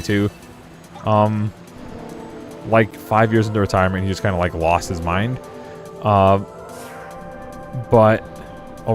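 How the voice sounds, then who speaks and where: A young man chatting loosely while playing a video game, rambling through stories and laughing often. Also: lowish voice. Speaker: gaming streamer. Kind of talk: casual let's play commentary.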